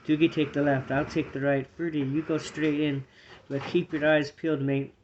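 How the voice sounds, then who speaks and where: A man voicing a steady male warrior squirrel who leads with calm, plain commands, reading a storybook aloud. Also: a little high, moderate pace, highs cut off, noisy background, close to an everyday voice.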